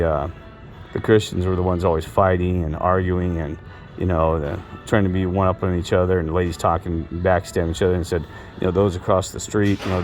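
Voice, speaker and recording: A man's voice: deep voice, a little mellow. A middle-aged man rambling through personal stories on his vlog, circling back and restarting his sentences with lots of fillers. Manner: meandering, repeats himself, many fillers and restarts. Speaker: vlogger.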